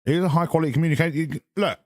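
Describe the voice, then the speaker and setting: A man's voice: on the high side, rapid-fire, no room sound, studio quality. Sweary man on a livestream. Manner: sweary, sarcastic, rambling, reads chat aloud. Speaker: streamer. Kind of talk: casual live-stream chat.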